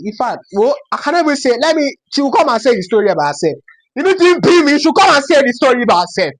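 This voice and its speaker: A man, casually retelling a story in a quick, chatty way. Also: very high-pitched, big pitch swings.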